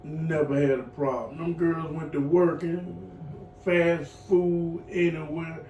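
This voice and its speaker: A middle-aged man giving heartfelt personal testimony as a client in a recovery program, earthy and animated, acting out voices as he tells his story. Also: fairly high pitch, slow pace, highs cut off. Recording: echoey room, voice from far off, faint noise.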